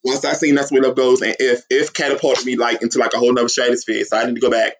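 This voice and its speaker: A man telling a long, excited story in casual chat, acting out quotes and laughing often. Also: quick pace. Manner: excitable, acts out quotes with big pitch jumps. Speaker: guest, superfan.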